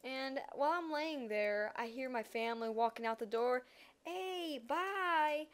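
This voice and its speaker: A teenage girl telling a personal story in a casual vlog, animated and dramatic, acting out her own reactions. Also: on the high side, normal speed, clear, resonant tone. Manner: animated, dramatic retelling with acted-out quotes.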